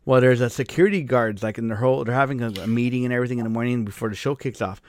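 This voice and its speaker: A man's voice: mid-range voice, very fast. A man hosting a casual chat and telling a long story, swearing freely and starting sentences over as he talks. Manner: rambling storyteller, swears freely, frequent restarts.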